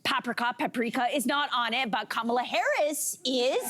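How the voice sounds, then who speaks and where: Woman, talk show co-host, chatty, self-deprecating, lively pitch. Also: moderate pace, crowd noise. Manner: chatty, self-deprecating, trails off mid-sentence. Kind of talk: casual panel chat.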